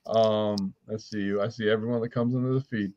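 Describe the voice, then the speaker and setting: A man's voice: lowish voice, steady tone, brisk, crowd noise. A man giving a blunt psychic reading on a livestream, relaying what he says spirits tell him. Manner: blunt, channels messages he says come from spirits; calls in angels and counts quietly under his breath. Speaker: psychic reader and healer. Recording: dull lo-fi stream audio.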